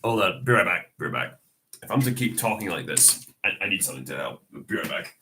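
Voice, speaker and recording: A man's voice: sits low, very animated, fast talker, bright, forceful tone, a little hiss or hum. A man getting over a cold talks casually in a tribute, hesitant and full of fillers and restarts. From Scotland. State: recovering from a cold, coughing. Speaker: video host.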